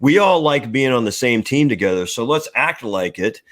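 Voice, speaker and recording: A man's voice: medium pitch, lively intonation, moderate pace, fairly bright tone. A man in his sixties, a retired naval officer, answering interview questions in a reflective, plain-spoken way. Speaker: retired admiral guest. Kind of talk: casual interview chat.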